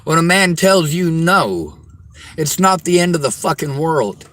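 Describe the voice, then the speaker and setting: A man's voice: a little high, expressive, measured pace, a bit bright, low-quality recording. A man giving a blunt, profane, heated rant as a vlogger, talking from a car while driving. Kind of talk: profane angry rant to camera.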